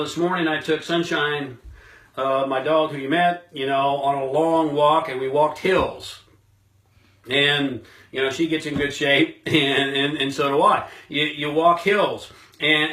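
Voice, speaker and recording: Emphatic motivational speaker, bright echoey voice. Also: male voice, fairly high pitch. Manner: emphatic, punchy repetition, rhetorical questions. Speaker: self-help speaker. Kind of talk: motivational talk to camera.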